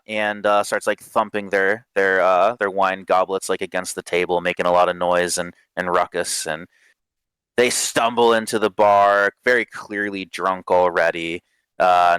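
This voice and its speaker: A low-voiced man narrates a tabletop game as game master. He speaks slowly and casually, with lots of fillers and restarts. His voice is smooth and lively, recorded close and dry. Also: dry recording.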